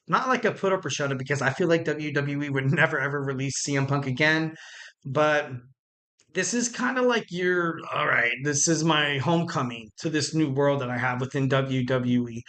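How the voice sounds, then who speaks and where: A man's voice: a little high, sharp tone. A man hosting a wrestling podcast, talking casually with rambling, joking asides and self-corrections. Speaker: podcast host.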